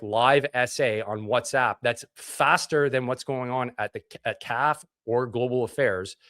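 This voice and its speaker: A man's voice: medium pitch, fairly bright tone, no room sound, clean studio sound. A man from Canada, a military veteran being interviewed, telling his story bluntly with swearing and acted-out dialogue. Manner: blunt and profane, acts out dialogue.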